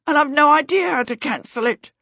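A woman's voice: medium pitch, animated, unhurried, breathy edge, dry recording, dull audio. A woman voicing a flustered, clumsy young boy wizard who wails when things go wrong, in a storybook reading. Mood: panicked. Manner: wailing, flustered.

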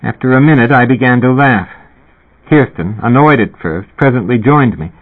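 A man reading a first-person novel aloud in a measured, dry storytelling manner. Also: mid-range voice. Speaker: audiobook reader. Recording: tinny phone-like audio.

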